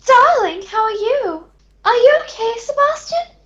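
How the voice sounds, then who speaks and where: A woman voicing a lovestruck, jealous admirer with a fawning, breathy delivery. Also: very high voice, lively intonation, unhurried, fairly bright tone, dull audio, heavily acted. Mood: doting.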